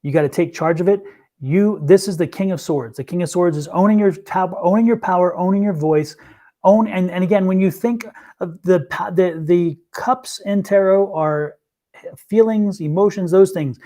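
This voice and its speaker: A man co-hosting a livestream reads tarot, telling stories earnestly and often repeating or restarting phrases mid-thought. His voice is high-pitched and mellow, at a normal speed.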